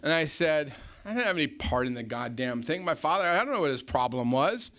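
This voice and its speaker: American man, blunt storyteller, bright voice, fairly high pitch, faint hiss, live audience. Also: lively intonation, fairly quick. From United States. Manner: blunt storyteller acting out heated exchanges. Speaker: recovery meeting speaker. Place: meeting hall with audience. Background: faint audience laughter.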